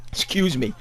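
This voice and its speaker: A man's voice: fairly high pitch, a bit bright, slightly rough. A man giving sarcastic, incredulous commentary over gameplay, ranting with exasperation. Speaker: gaming video creator.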